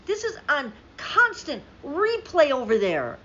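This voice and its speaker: A woman's voice: fairly high pitch, huge pitch swings, measured pace, hardly any pauses, a bit bright. Fiery, profane woman ranting. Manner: heated, profane, emphatic. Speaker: political commentator. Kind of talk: angry political rant. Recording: slightly dull lo-fi audio with faint noise.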